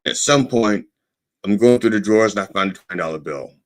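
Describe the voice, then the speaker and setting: A man's voice: on the low side, a little fast. A man hosting his own podcast, delivering a sarcastic, profane political monologue and punctuating his points with "okay?". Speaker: podcast host.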